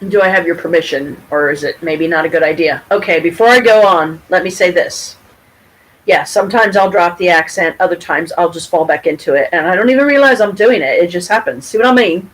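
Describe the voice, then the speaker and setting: A middle-aged woman from Michigan telling a story to her camera at home, rambling and animated, with frequent restarts and casual swearing. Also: on the low side, a little fast, rough recording. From Pontiac, Michigan, USA. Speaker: vlogger. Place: at home, with her cat nearby.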